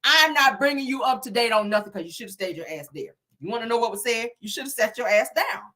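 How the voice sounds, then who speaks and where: A woman's voice: fairly high pitch, lively intonation, fast talker, bright, forceful tone. A woman recapping a reality show in casual commentary, sassy and blunt, cussing freely.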